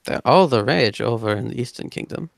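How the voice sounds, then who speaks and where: A man's voice: mid-range voice, expressive, a little fast, vocal fry, dry recording. A man voicing a boastful male traveler who slips into a French accent, sharing crude travel tales. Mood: chatty.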